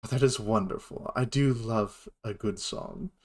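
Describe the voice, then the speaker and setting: A man's voice: lowish voice, unhurried. A man voicing a kindly old male dragonborn mentor with a genteel, welcoming manner. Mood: warm welcoming.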